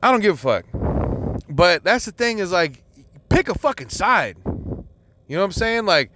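A man's voice: high-pitched, lively intonation, moderate pace, background noise. A man hosting his own podcast, ranting in an exasperated, rambling way with constant swearing and lots of fillers. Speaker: podcast host. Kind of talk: profane solo podcast rant.

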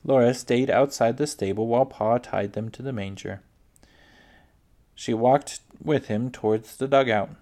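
A man with a medium-pitched voice reads a children's book aloud at an unhurried pace. He stumbles now and then and restarts words, and sounds like a home reader rather than a studio narrator. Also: dark tone. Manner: unhurried with small slips and restarts.

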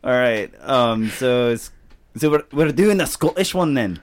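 A man's voice: medium pitch, animated, a little slow. A man co-hosting a podcast in casual chat, joking around, swearing and laughing a lot. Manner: profane, joking, laughs often. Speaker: podcast co-host.

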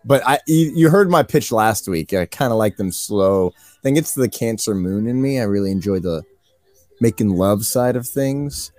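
A man who is a podcast guest, chatting casually and joking with quick asides. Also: on the low side, animated, darkish tone, no echo.

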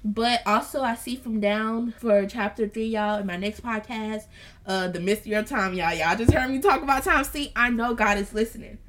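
Earnest woman preaching to y'all. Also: on the high side. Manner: reads scripture aloud slowly and softly. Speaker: podcast host. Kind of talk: casual Bible study podcast.

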